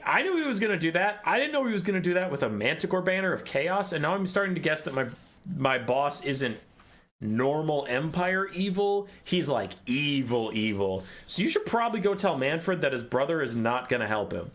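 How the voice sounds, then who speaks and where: Man doing a dying captain, hurried. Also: on the high side, very animated, a bit bright. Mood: urgent. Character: dying male army captain, urgent.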